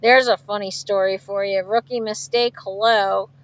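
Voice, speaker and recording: Speaking at a moderate pace with a medium-pitched, steady voice, this truck driver from outside Philadelphia answers livestream viewers in a chatty way. She laughs often and reads their comments out loud over dull, lo-fi stream audio.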